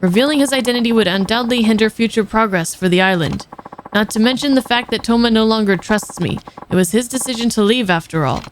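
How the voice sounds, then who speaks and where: A formal, measured older politician, read aloud by a woman streamer. The voice sits fairly high for the part, and faint noise sits behind it. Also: natural voice. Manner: reads game subtitles aloud, formal and measured.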